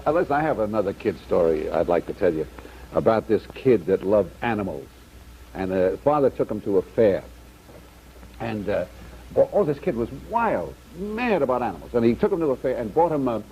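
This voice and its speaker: A man's voice: on the low side, big pitch swings, brisk, dark tone, slight background noise. A man telling a long rambling story on a vintage TV talk show, stumbling and restarting as he goes. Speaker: comedian guest. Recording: dull lo-fi old TV audio.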